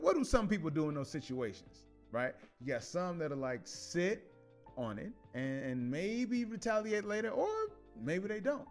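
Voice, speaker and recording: A man hosting a casual commentary show, telling stories in an animated way with slang and frequent laughs. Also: high-pitched. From Chicago. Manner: animated, laughs often, many restarts and slang.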